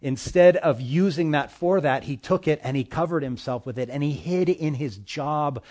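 A male pastor preaching a sermon, addressing the congregation directly with emphatic swings between loud and soft. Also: fairly high pitch, moderate pace.

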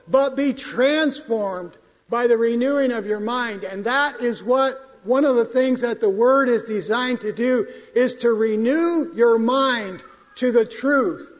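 A man preaching a sermon in a church, quoting scripture in a measured, emphatic way. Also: extremely high pitch. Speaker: pastor. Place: church sanctuary. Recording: long hall reverb.

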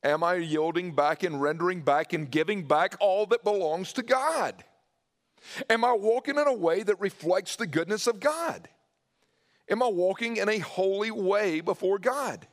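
A man preaching a sermon, swinging his pitch and loudness and dropping to a hushed voice when he quotes. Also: normal speed. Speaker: pastor.

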